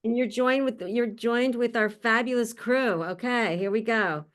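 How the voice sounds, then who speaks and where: A woman's voice: on the high side, measured pace. A woman hosting an online panel, introducing speakers in an upbeat, chatty way over a video call. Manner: upbeat and chatty, laughs often. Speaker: conference host introducing a panel. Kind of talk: casual spoken introductions.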